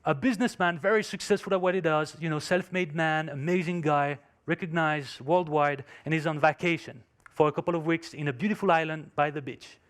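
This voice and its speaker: At a conference, a non-native English speaker delivers an emphatic motivational talk, telling a story with non-native phrasing. He sounds a little high and a bit bright, speaking briskly with few pauses.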